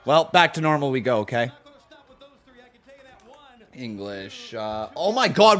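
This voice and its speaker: A loud, excitable man hosting a live watch-along stream, chatting and reacting as he goes. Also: medium pitch, slow pace. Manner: loud and excitable, laughs often.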